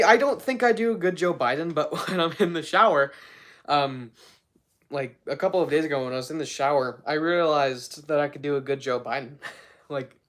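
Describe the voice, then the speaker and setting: A young woman hosting a livestream, talking in a loose, rambling way with stumbles and giggles. Her voice sits unusually low but swings widely in pitch. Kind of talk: casual chat.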